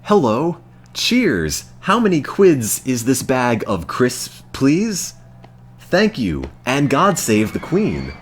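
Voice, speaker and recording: A man's voice: mid-range voice, wildly swooping pitch, takes it slowly, a little hiss or hum, voice pushed up. An American man putting on an overeager fake posh British voice, as an American pretending to be British. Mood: mock-posh.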